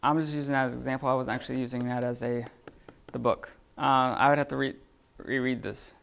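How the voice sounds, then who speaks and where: Gravelly man teaching a live class. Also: mid-range voice, little pitch movement, a bit bright. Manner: halting, with many fillers and restarts. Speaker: Greek teacher.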